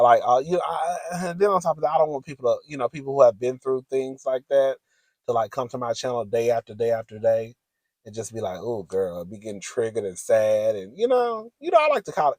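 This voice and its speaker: A man's voice: medium pitch, darkish tone, no echo. A man vlogging in a sassy, giggly gossip chat, calling the audience "girl" often. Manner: chatty, sassy, giggly, says "girl" a lot.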